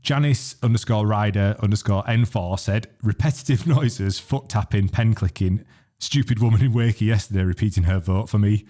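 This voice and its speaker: A man reads listener messages aloud on a casual podcast. His voice is fairly low. He teases his co-host between the readings. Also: moderate pace, mellow. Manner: teasing, reads comments aloud.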